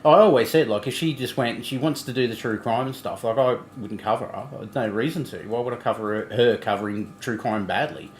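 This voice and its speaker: A man's voice: mid-range voice, brisk, few pauses, echoey room, slight background noise. A man hosting a livestream, talking bluntly in casual commentary, swearing and laughing often. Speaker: livestream host.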